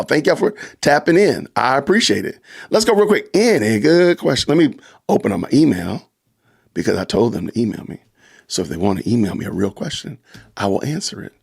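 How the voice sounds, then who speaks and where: A man hosting a live stream in a relaxed, chatty manner, reading out viewer comments. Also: mid-range voice, creaky, breathy edge. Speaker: livestream host. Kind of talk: casual live chat.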